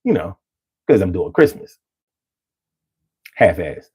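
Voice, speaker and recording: A man's voice: deep voice, sing-song, takes it slowly, mellow, husky. A young man hosting a casual stream, freestyling loosely and riffing on viewer comments in a streetwise way. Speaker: livestream host reading chat. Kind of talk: casual freestyle rap and chat.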